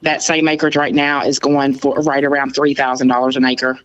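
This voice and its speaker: A man's voice: mid-range voice, monotone, moderate pace, a bit bright. A man calling in to a livestream, talking thoughtfully with hesitant starts. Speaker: call-in guest. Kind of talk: casual chat. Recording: dull dry call audio.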